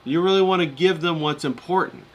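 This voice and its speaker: A man's voice: a little high, a little fast. A man talking casually in a vlog, rambling with lots of fillers and folksy turns of phrase. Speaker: vlogger.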